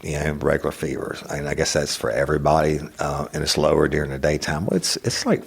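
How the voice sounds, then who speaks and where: A middle-aged man with an extremely low voice tells a personal story on his podcast. He talks bluntly and swears freely, and he gets animated as the story builds. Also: fast talker, vocal fry, breathy edge. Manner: blunt, profane, animated retelling. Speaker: podcast host. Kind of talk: casual storytelling monologue.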